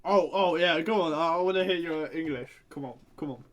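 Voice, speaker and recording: A man's voice: fairly high pitch, fairly quick, fairly bright tone. A man interviewing on a live stream, playful and goading, laughing often. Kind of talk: casual livestream chat.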